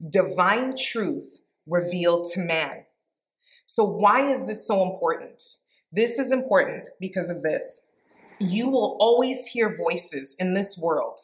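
A woman giving an informal devotional Bible teaching, reading scripture aloud and reflecting on it in an earnest, conversational way. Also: lowish voice.

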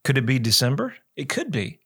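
A man's voice: mid-range voice, fairly quick, slightly rough. A man hosting a real estate radio show, chatting in a rambling, casual way. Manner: rambling, chatty, animated quoting. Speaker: radio show host, realtor.

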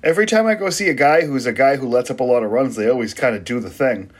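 Talking fast in a husky mid-range voice, a man co-hosting a podcast chats casually about baseball while eating. He jokes, swears and laughs frequently.

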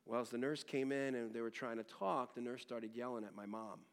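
A middle-aged man delivering a sermon with a mid-range voice. He moves between loud, emphatic teaching and quiet, hushed storytelling. His tone is frank and personal, with frequent restarts. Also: medium pitch, fairly even intonation, a little fast, smooth. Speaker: pastor.

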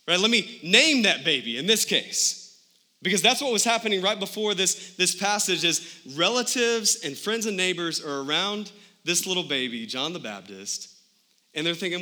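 A male pastor delivers a sermon in a very bright, ringing voice pitched a little high. He tells the story lively and acts out the people he quotes. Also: moderate pace.

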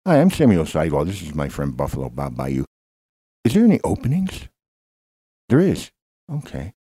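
Man doing a low, teasing deadpan buddy. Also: normal speed, breathy edge, no echo, heavily acted. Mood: chatty. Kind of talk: improvised comedy bit.

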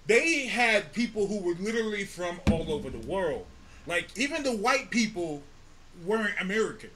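A man co-hosting a podcast in casual chat, animated, swearing and laughing often. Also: high voice, moderate pace, a crowd in the background. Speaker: podcast co-host.

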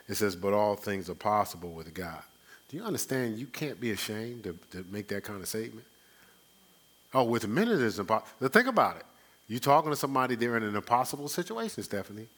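A man pastor teaching a conversational sermon, animated, acting out quoted exchanges with a rising voice and chuckling between points. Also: lowish voice, fast talker, breathy edge. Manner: frequent fillers and restarts, chuckles.

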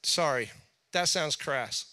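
Bright, smooth-voiced chatty preacher man. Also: on the high side, expressive, takes it slowly. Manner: chatty, rambling, jokey with acted asides. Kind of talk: casual sermon.

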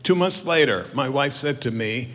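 A man preaching a sermon as a storytelling pastor, swinging from hushed asides to loud, lively bursts. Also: medium pitch, normal speed. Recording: roomy church hall with music behind.

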